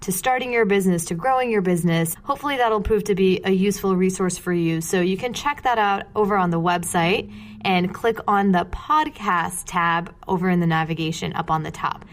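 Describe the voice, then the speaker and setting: A woman's voice: lowish voice, a little fast, slight background noise. A Californian woman hosting a podcast, chatty and upbeat, laughing easily with her guest. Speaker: podcast host. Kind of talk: casual podcast interview and outro.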